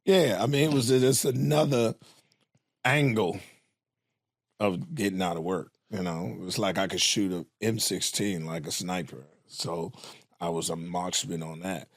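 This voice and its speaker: A man's voice: deep voice, steady tone, measured pace, no echo, clean studio sound. A man, a guest comedian, telling stories in casual chat, laid-back and profane, laughing as he talks.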